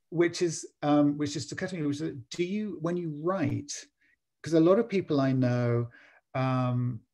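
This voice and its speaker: A man hosting a bookshop author event over a video call, speaking haltingly and restarting his sentences. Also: on the high side, dark tone. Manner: halting, many restarts and fillers.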